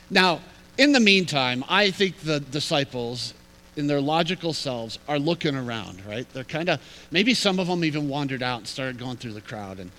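A man preaching a sermon in an animated, humorous, conversational way. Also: mid-range voice, a little hiss or hum, rough recording. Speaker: pastor.

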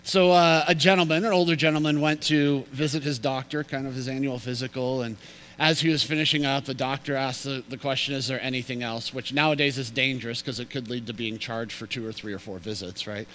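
A man's voice: medium pitch, steady tone, brisk, fairly bright tone, poor audio. A man preaching a sermon, reading scripture and telling a story with emphatic repeated phrases. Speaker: pastor.

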